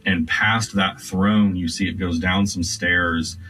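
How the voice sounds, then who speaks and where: A man narrating scenes as game master of a tabletop game, describing them slowly with many fillers. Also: deep voice, steady tone, sharp tone, slight background noise. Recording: distant mic with faint music.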